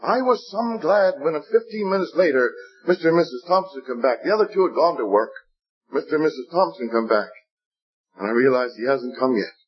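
An older man preaching a sermon, telling stories earnestly, repeating phrases and pleading with his listeners. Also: high-pitched. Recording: dull lo-fi recording.

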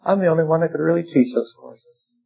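An older man preaches in a gravelly, husky voice that sits a little high for a man. He talks in a folksy, wry way and drops in humor. The recording sounds dull and lo-fi. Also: a little fast. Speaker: preacher and seminary teacher. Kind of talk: sermon.

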